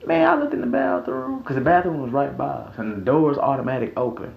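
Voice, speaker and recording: A young man from Mississippi with a Southern accent, telling a profane, animated story in a casual storytime vlog. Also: mid-range voice, quick pace, gravelly. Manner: profane, animated, laughing, repeats himself. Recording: echoey room, dull audio, faint hiss.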